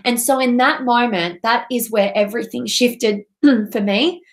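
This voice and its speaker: A woman's voice: a little high, unhurried. A woman coach giving an earnest, impassioned motivational talk to her viewers. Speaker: transformational coach and speaker.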